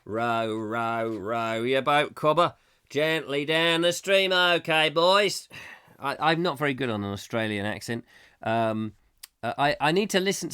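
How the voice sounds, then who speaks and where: A man's voice: medium pitch, a bit bright. A man hosting a live comedy chat show, rambling whimsically and reading out viewer comments. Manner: whimsical, silly, reads viewer comments aloud. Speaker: host.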